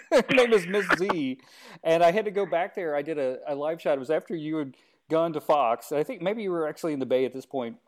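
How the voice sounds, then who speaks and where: A man's voice: on the high side, fairly quick. A man hosting a casual chat, telling funny stories and imitating the people in them. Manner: lively anecdote telling, imitating voices. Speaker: host.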